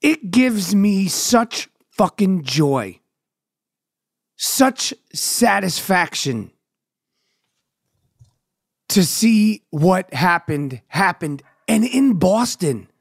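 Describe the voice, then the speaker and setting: Gravelly, swearing man ranting about sports. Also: high-pitched, sing-song, drawn-out words, long pauses, no echo, clean studio sound. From New York. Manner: loud, swearing, sing-song intro chants. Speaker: podcast host. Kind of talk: profane sports rant.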